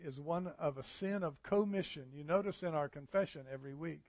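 A man's voice: fairly high pitch, creaky, a little mellow, no echo. A man, a pastor, preaching an earnest, conversational sermon with frequent fillers.

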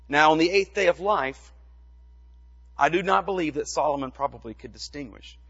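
A man's voice: on the high side, fairly bright tone, slightly rough, lo-fi sound. Man preaching in a reverberant church. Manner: measured teaching with rhetorical questions. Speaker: pastor. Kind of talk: sermon.

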